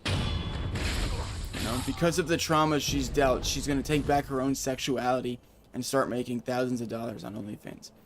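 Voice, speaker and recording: A man's voice: medium pitch, fairly even intonation, moderate pace, background noise. A man streaming a video game, chatting casually and sarcastically with his viewers. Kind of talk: casual gaming stream chat.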